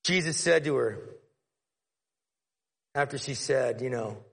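A man's voice: medium pitch, slow, vocal fry, long pauses, fairly bright tone, husky. A man preaching a conversational sermon, retelling a Bible story and acting out its characters. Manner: conversational, storytelling, acts out the scene. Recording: long hall reverb.

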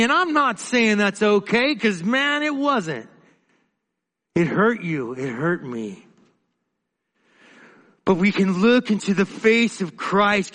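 A man preaching a sermon as pastor, passionate and halting, often restarting his sentences. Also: high voice, fairly bright tone, big-room sound.

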